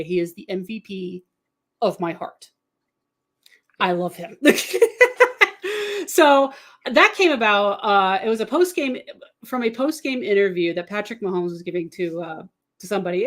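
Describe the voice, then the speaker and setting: A woman from the Kansas City area chatting casually as a podcast guest, rambling and laughing often. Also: mid-range voice. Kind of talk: casual chat about football.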